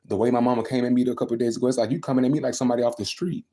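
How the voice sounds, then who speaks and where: Young man, quick emphatic livestream rant, low and warm. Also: fairly even intonation. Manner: venting, emphatic, repeats himself. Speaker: livestreaming vlogger.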